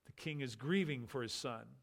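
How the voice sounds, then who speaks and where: Measured man reading scripture aloud. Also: medium pitch, gravelly. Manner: measured, grave, slows and softens on sorrowful passages. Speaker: Bible teacher.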